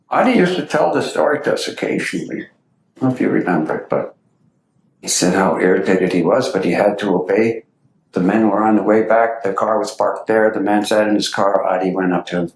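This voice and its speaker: A man's voice: fairly low pitch, normal speed, slight background noise. A man giving a lecture to an audience, telling anecdotes and acting out the quotes. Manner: lively anecdotal storytelling with acted quotes. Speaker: speaker giving a talk. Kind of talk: storytelling lecture. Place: meeting hall. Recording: echoey hall.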